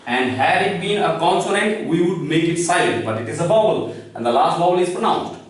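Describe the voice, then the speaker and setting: A man's voice: a little high, expressive, brisk. A man teaching a lesson, explaining step by step and asking his own questions before he answers them. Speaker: French teacher. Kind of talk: classroom lesson. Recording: echoey room, far from the mic.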